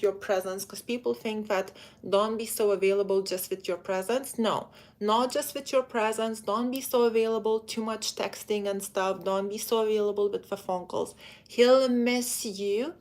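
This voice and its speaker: A woman dating coach talks on a live stream at an ordinary middle pitch. She speaks in a chatty, direct way and keeps calling her viewers ladies. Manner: acts out quoted men in quick put-on voices. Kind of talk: live-stream advice talk.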